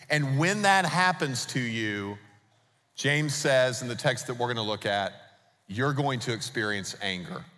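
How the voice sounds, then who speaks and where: A man's voice: mid-range voice, fairly bright tone. A man preaching a sermon as pastor, emphatic and putting rhetorical questions to the congregation. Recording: long reverb of a large hall.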